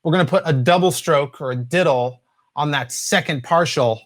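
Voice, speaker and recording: A man in his forties from the US West Coast, teaching drum rudiments in a relaxed way with many fillers, counting and singing out patterns. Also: fairly high pitch, moderate pace, heavy background noise. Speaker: drum instructor. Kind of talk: instructional talk.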